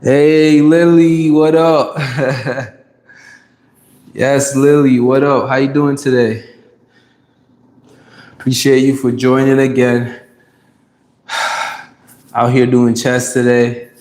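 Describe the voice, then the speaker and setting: A man's voice: mid-range voice, little pitch movement, slow pace, long pauses, darkish tone. A man from Ghana chatting live with viewers during his gym workout, greeting them by name and hyping them up. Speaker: fitness livestreamer. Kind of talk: live workout stream chat.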